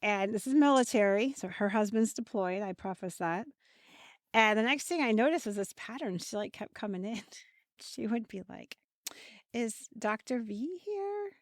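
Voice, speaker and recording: A woman co-hosting a podcast, chatting and telling stories in an animated way with frequent bursts of laughter. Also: mid-range voice, moderate pace, no room sound, studio quality. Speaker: podcast co-host. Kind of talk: casual podcast chat.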